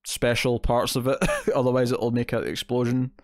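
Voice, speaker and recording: A man's voice: medium pitch, level tone, normal speed, darkish tone, dry recording, clean studio sound. A man co-hosting a podcast, chatting casually about TV episodes, rambling with fillers and quoted asides. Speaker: podcast co-host. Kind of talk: casual TV review chat.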